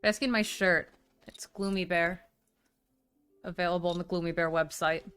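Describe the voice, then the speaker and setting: A woman's voice: on the low side, steady tone, moderate pace, fairly bright tone, smooth, faint music behind. A woman livestreamer chatting casually, swearing freely and gushing thanks to her viewers. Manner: chatty, swears a lot, gushes thanks at donations. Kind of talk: casual stream chat.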